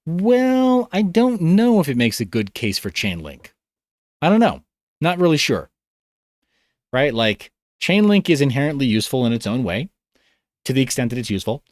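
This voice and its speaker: A man's voice: medium pitch, big pitch swings, normal speed, dry recording, clean studio sound. A man hosting a livestream, reading comments in a loose, rambling way with a tired voice. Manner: rambling, loose, self-interrupting. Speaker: livestream host.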